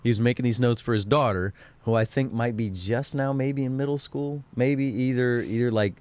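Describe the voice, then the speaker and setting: A man's voice: medium pitch, moderate pace, darkish tone. A man co-hosting a radio show, telling rambling anecdotes in casual chat and acting out other people's lines. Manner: rambling anecdotes with acted-out quotes, throat clearing. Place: radio studio.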